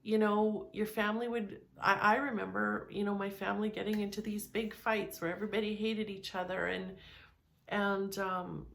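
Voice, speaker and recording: A woman's voice: mid-range voice, vocal fry. A woman giving a candid, conversational self-help talk, speaking frankly and often restarting or repeating words.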